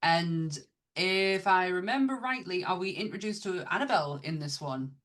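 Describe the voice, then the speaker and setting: Blunt, low-voiced woman podcast host. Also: expressive, normal speed, a bit bright. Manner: blunt and chatty, swears freely. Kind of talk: casual chat.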